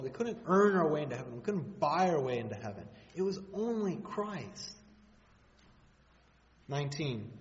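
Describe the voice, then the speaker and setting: A man preaching in a conversational, joking way, tossing out rhetorical questions. His voice sits a little high. The sound is dull, with a long hall reverb. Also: sing-song, normal speed. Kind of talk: sermon. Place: church hall.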